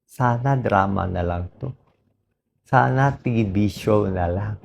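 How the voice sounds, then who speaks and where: A hoarse man with a Filipino accent, a doctor speaking earnestly in an emotional personal monologue, switching between English and Tagalog. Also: on the low side, unhurried, a little hiss or hum.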